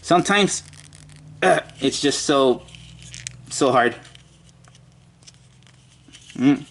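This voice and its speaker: A man's voice: mid-range voice, drawn-out words, creaky, a bit bright. A man giving a casual toy review, muttering and joking to himself as he handles the figure.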